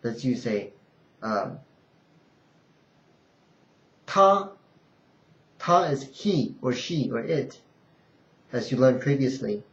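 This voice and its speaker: A man gives an unscripted language lesson at an unhurried pace, pausing often and restarting his sentences. He draws out sample syllables in exaggerated sing-song tones. The recording is roomy and slightly muffled. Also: mid-range voice, expressive. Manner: halting, with many fillers and restarts, sings out tone examples. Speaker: Mandarin teacher. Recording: roomy, dull lo-fi home recording.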